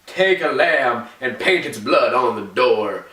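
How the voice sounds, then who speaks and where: A man voicing God as a laid-back male deity who makes slow, solemn pronouncements, recorded in a roomy space from far off the mic. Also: mid-range voice, lively intonation, sharp tone.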